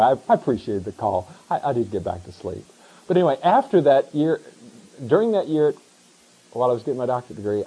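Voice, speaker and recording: A middle-aged man preaching a sermon as pastor, animated, pushing up into emphatic questions. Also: medium pitch, slightly rough, poor audio.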